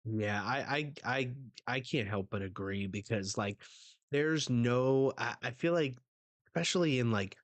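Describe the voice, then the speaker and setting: A man hosting a casual live manga reaction, relaxed and hesitant, full of fillers and restarts. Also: mid-range voice, unhurried, no echo. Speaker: host.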